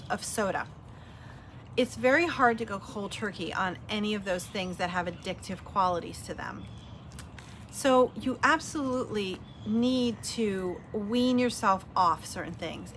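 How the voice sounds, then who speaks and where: A middle-aged woman vlogger chatting casually and warmly about her weight loss, telling stories with lots of fillers and acted-out quotes. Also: medium pitch, a little hiss or hum. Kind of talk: casual heartfelt chat.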